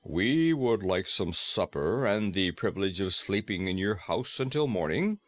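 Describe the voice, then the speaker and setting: Pompous frog gentleman, deep and measured, read by a male narrator, storybook reading. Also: lively intonation, no echo. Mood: formal. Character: pompous big talking frog man.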